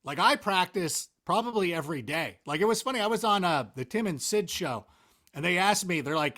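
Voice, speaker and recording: A man chatting as a guest in a casual interview, with a fairly high voice that swoops up and down a lot. He rambles in an animated, self-mocking way, piling up "like" and restarts. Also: brisk. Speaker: interview guest, NFL analyst.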